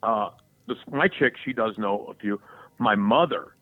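In unhurried, fairly low tones, a male podcast co-host spins loose, profane sports stories in casual chat, performing the voices of the people he quotes. No room sound is present; the recording is dry and tinny like a phone line.

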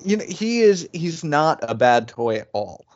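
A man co-hosting a casual podcast chat, easygoing and self-deprecating, with halting restarts. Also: on the high side, big pitch swings, muffled recording. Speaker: podcast co-host. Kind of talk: casual chat about toy purchases.

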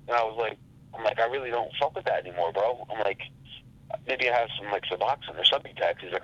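A man telling a rambling story in a casual, profane and animated way. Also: on the low side, fast, highs cut off. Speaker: podcast guest.

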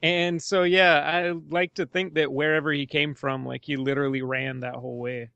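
A man's voice: on the high side, level tone, moderate pace, gravelly, pushed and bright, clear, resonant tone, no echo. A man co-hosting a casual movie podcast, rambling and laughing as he talks. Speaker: podcast co-host.

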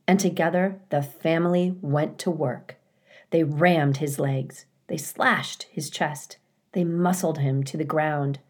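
A woman teacher reading a children's novel aloud in a calm, clear storytelling manner. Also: low voice. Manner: calm, clear storytelling with occasional dramatic emphasis.

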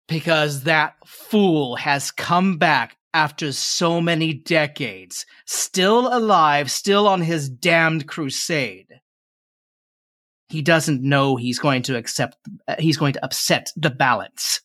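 Vengeful old crone spirit put on by the game master, menacing and unhurried. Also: mid-range voice, a bit bright, dry recording, studio quality, voice pushed up. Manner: slow, drawn-out, menacing.

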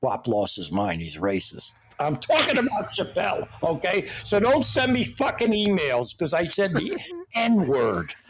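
A man hosts a casual chat, retelling stories in a rambling, profane way. His voice is husky, fairly high and very lively in pitch. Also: unhurried. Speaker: host.

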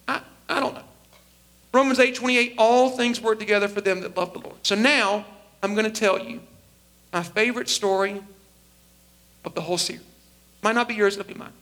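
A pastor, telling a personal story in a sermon and acting out the voices of the people in it. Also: male voice, high voice, normal speed, long pauses, a bit bright.

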